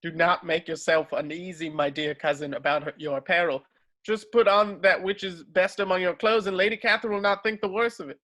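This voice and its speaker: A man's voice: high-pitched, steady tone, fairly quick, pushed and bright. A man reading the part of a pompous, fawning clergyman in an amateur script reading. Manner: pompous, fussy.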